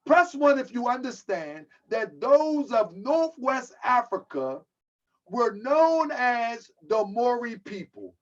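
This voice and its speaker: A man from the United States with a very high, very animated voice speaks slowly as host of a live-stream talk, giving a casual, preachy lecture. He keeps repeating rhetorical questions and answers audience comments, and the sound is dull and lo-fi.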